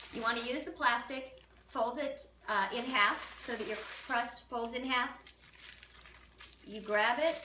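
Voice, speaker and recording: A woman's voice: fairly high pitch, fairly bright tone. A woman hosting a casual home cooking demo, chatty, playful and self-deprecating. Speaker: cooking show host. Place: home kitchen. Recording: roomy, distant, noisy kitchen recording.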